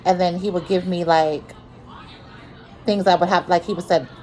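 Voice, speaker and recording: A woman's voice: on the low side, fairly even intonation, normal speed, warm tone, soft background music, rough recording. A woman telling a personal story in a vlog, earnest and repetitive, with many restarts. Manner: earnest, repeats herself, many restarts and fillers.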